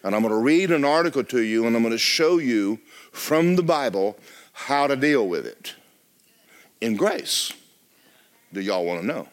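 Animated man preaching a lively sermon. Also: mid-range voice, normal speed, long pauses. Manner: animated, joking asides to the congregation. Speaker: pastor. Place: church.

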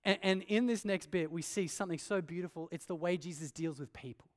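A man's voice: sits high, brisk. A man preaching an earnest sermon, asking rhetorical questions and pressing his points with emphasis. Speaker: pastor. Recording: long hall reverb.

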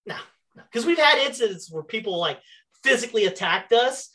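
On a talk show, a woman with a fairly high voice tells a story fairly quickly in casual chat, full of exasperated sarcasm. She is animated, swears, and acts out both sides of an argument.

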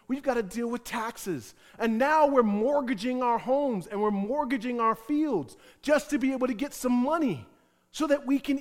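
High-voiced preacher in a reverberant hall. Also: male voice. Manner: animated preaching, voicing the people in the text. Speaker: pastor. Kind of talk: sermon.

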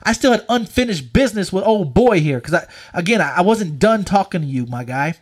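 A young man telling a story in casual chat, with a lively, swinging pitch. He swears constantly, gets animated, and bursts into loud quoted lines. It sounds like a loose podcast conversation between friends. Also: a little fast. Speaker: podcast co-host.

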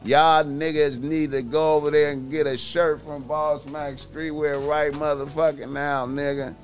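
A man's voice: fairly high pitch, level tone, measured pace. A man talking casually on his solo podcast, profane and boastful, naming himself in the third person.

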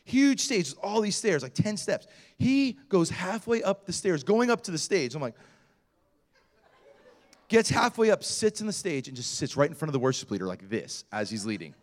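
Delivering a sermon, a middle-aged male pastor tells a story, acting out the voices of the people in it with big swings of energy. His voice is high-pitched and his pace moderate. He's an animated storyteller who performs the quotes.

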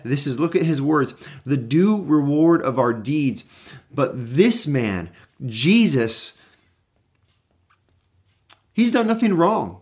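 A man's voice: fairly high pitch, measured pace. Earnest man teaching a Bible devotional. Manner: earnest, animated scripture reading with restarts. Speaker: pastor.

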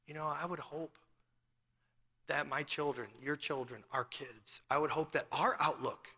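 Male pastor, higher voice with a gravelly edge, preaching in a church with long reverb. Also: fairly even intonation, unhurried, sharp tone. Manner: preaching with rhetorical questions and a family story. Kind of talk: sermon.

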